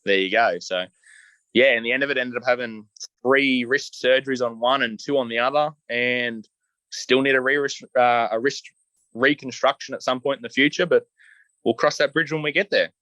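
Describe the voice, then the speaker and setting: A man's voice: medium pitch, fairly even intonation, moderate pace, pushed and bright, dry recording. A man with an Australian accent, a podcast guest telling stories in a laid-back, joking way with lots of casual fillers. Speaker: podcast guest, truck driver. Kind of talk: casual storytelling chat.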